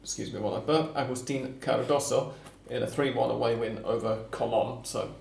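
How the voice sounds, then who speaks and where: A man's voice: medium pitch, steady tone, fairly quick, vocal fry, a little mellow, reverberant, a little hiss or hum. A man hosting a casual football podcast, chatty and explaining details for listeners. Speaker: podcast host.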